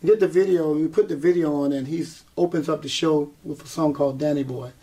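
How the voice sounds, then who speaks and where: Speaking quickly in a voice on the high side, this male singer recounts his story in an interview. He is a lively storyteller who acts out people's words and laughs a lot.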